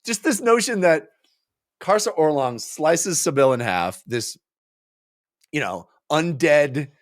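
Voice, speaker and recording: Animated man retelling a fantasy novel. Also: on the high side, no echo, clean studio sound. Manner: animated retelling with quick put-on voices. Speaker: podcast co-host. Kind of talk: casual book club chat.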